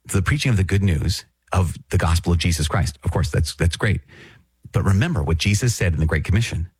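A man's voice: deep voice, brisk, a little mellow, husky, no room sound. A man giving an earnest, conversational Catholic teaching talk, often checking in with listeners. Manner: conversational, earnest, frequent "right?" check-ins. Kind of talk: recorded catechetical talk.

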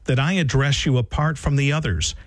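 A man reads a homily in a measured, earnest voice of middle pitch, raising it to stress key phrases. The recording is dry and close. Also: dry recording. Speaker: reader. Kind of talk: liturgical reading of a homily.

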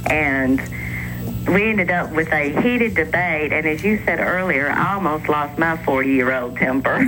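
A woman's voice: deep voice, expressive, slow pace, long pauses. A woman calling in to a radio show, earnestly recounting a dispute in a plain way. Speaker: caller. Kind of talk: phone-in account. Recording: phone line with clear hiss.

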